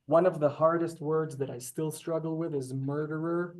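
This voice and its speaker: An Israeli man teaches a Hebrew class over a video call, walking through the material patiently step by step and answering students politely. His voice is a little high yet darkish in tone, steady and moderately paced.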